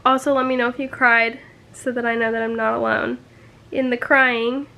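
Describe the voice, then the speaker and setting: A woman's voice: fairly high pitch, level tone, normal speed, gravelly, pushed and bright. A young woman talking casually as a book vlogger, emotional, with frequent sighs and fillers. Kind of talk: casual reading vlog reactions.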